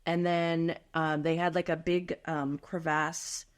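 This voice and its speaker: A woman's voice: low voice, level tone, takes it slowly, clean tone. A woman in her fifties co-hosting a podcast in casual chat, chatty, laughing often and trailing off with ums. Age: 50s. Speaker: podcast co-host.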